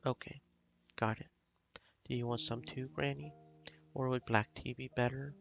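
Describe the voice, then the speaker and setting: A man's voice: medium pitch, steady tone, normal speed, gravelly, a bit bright, muffled recording, soft background music. A man voicing a bored, apathetic teenage girl who answers in an offhand way.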